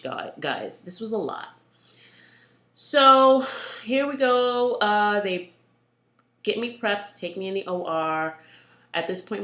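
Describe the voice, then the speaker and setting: A young woman tells her own birth story in a candid, blunt and animated way. Her voice sits fairly low yet sounds bright and forceful. The recording carries a roomy echo. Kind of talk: emotional personal storytelling.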